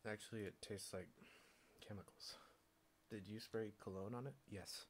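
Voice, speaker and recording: A man's voice: on the low side, steady tone, normal speed, a little hiss or hum. A young man streaming, rambling in a casual monologue, sardonic and swearing freely.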